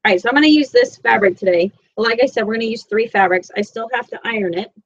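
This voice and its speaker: Chatty and self-deprecating, a sewing instructor with a Southern Florida accent wanders through a live-streamed lesson from her house. Her voice is a little high and fast, and her computer mic cuts off the highs.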